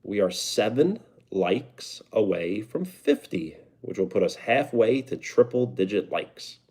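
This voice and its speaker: A man's voice: lowish voice, expressive, a little slow, a little mellow, breathy edge. A young man with a New York accent, chatting casually on a live stream and answering viewer comments. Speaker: livestreamer.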